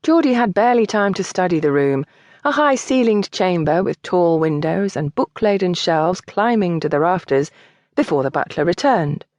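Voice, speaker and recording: A woman narrating a historical romance audiobook in an expressive, scripted reading. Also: fairly low pitch, normal speed, no room sound, studio quality.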